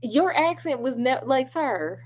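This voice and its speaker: A woman's voice: high-pitched, animated, unhurried, breathy edge. A woman chatting casually about a film with lots of asides, talking straight to her viewers while she does crafts at home. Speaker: film reviewer.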